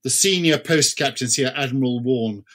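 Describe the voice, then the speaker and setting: A man's voice: medium pitch, moderate pace, fairly bright tone. A man guesting on a book discussion podcast, musing thoughtfully about the author.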